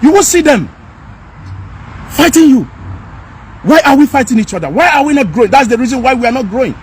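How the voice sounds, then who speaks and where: High-pitched Nigerian man, impassioned rant. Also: lively intonation, a little fast, slight background noise. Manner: emphatic, repetitive, rising to anger. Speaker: commentator. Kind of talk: impassioned direct-to-camera rant.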